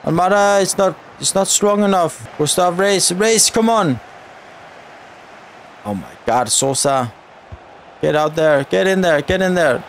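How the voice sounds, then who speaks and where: Excitable high-voiced man commentating gameplay. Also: unhurried, long pauses, a little hiss or hum. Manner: excitable, shouts at players and referee. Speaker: gaming YouTuber.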